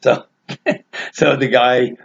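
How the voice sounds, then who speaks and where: A man casually telling a family anecdote, animated and laughing through his own story. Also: medium pitch, very slow, gravelly, slight background noise. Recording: dull lo-fi recording.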